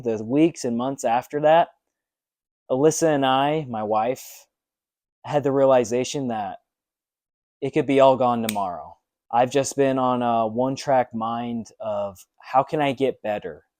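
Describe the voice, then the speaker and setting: A man's voice: medium pitch, darkish tone, dry recording, clean studio sound. A young man talking earnestly in a personal fitness vlog, motivational and full of ums. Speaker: fitness vlogger.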